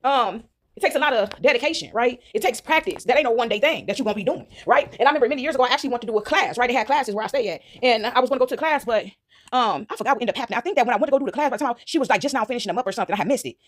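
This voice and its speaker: Rapid-fire emphatic woman vlogger. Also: a little high. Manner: emphatic, repetitive, keeps asking "right?". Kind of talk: casual monologue to viewers.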